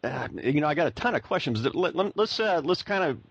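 A man's voice: on the high side, big pitch swings, fairly quick, slightly rough, no room sound, lo-fi sound. An American man hosting a podcast interview, rambling with lots of fillers and restarts. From United States. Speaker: podcast host. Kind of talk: casual interview.

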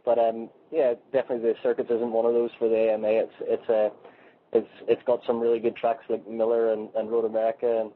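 A man's voice: medium pitch, monotone, fast talker. A man with a Northern Irish accent, a motorcycle racer speaking as a guest over the phone, chatty and full of restarts. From Northern Ireland. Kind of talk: phone interview. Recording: tinny phone line with faint noise.

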